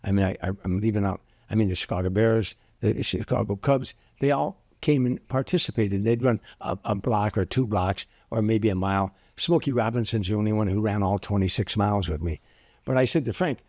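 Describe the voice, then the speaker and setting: An older man, a comedian guest, telling anecdotes in an interview with lively restarts. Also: on the low side, a little fast, no echo, studio quality. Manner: anecdotal, animated with repeated restarts. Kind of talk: storytelling interview.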